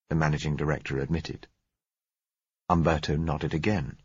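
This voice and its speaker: A man reading a story aloud in a measured, dry manner, his voice very low and husky. The recording is dull and lo-fi, with a dry, close sound and no room echo. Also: animated. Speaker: narrator. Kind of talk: audiobook narration.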